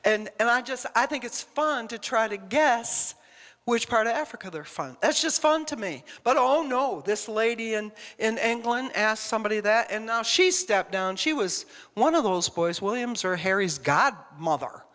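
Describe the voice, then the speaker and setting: This woman's voice is a little high and a bit bright, animated and at a moderate pace. She gives a conversational, emphatic, rambling sermon in a church hall, often turning questions on the congregation, and the recording carries the hall's long reverb.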